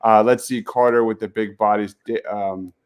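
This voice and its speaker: A man's voice: fairly low pitch, steady tone, normal speed, clear, resonant tone. A man hosting a casual sports talk show, reading out viewer comments and laughing easily. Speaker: podcast host.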